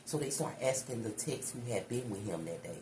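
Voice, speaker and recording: Animated, profane woman in an echoey room. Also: very deep voice, fairly quick. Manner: animated, profane, chatty, addresses listeners as y'all. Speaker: tarot reader. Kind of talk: casual storytelling to viewers. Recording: echoey room with background noise.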